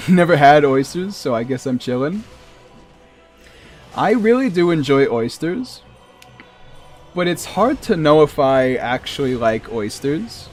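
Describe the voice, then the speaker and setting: Slow talking new england guy rambling on stream, kinda high voice, chuckles a lot. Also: darkish tone. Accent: New England (Massachusetts). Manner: rambling, chuckling, chatty asides. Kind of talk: casual chat while gaming.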